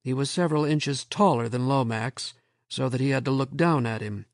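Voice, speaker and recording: A man narrating an audiobook in a measured, even manner. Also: mid-range voice, dry recording, studio quality. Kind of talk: scripted narration.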